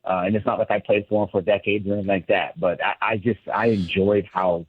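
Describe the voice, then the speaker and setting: Low, husky man on a tinny phone line. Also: flat delivery, quick pace, dry recording. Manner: candid, reflective, frequent restarts. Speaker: guest, former ballplayer and broadcaster. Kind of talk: sports radio interview.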